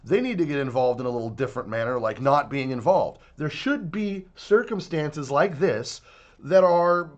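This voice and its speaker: A man's voice: on the high side, animated, normal speed, highs cut off. A man giving a heated, profane video commentary rant, sounding exasperated. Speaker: online commentator.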